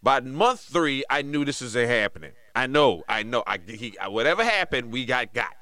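Middle-aged male podcast co-host, casual storyteller who acts out quotes, mid-pitched, dry studio sound. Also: moderate pace, no room sound. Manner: animated, mimics voices in quotes, laughs often.

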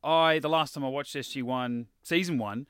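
A man's voice: mid-range voice, normal speed, smooth, no room sound, clean studio sound. A man co-hosting a casual TV rewatch podcast, reading out an episode summary and chatting loosely. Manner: relaxed, reads episode blurbs aloud. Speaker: podcast co-host. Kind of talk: casual chat.

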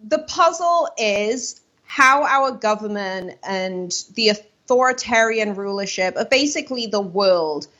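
A woman's voice: mid-range voice, animated, unhurried, few pauses, a bit bright, dull audio. A woman talking as a guest in a radio interview, earnest and rambling, often correcting herself mid-sentence. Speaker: guest commentator. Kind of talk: radio interview, opinionated talk.

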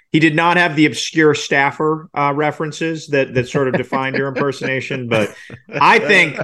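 A man co-hosting a sports podcast, self-deprecating and halting, with many restarts. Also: medium pitch, bright, forceful tone. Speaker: podcast co-host, sports reporter.

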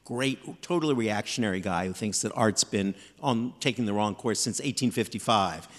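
A man in his fifties tells self-deprecating stories with animated, lively timing. His voice rings with the long reverb of a theater hall. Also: lowish voice, normal speed. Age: 50s. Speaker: author guest. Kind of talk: live stage interview. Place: theater stage before live audience.

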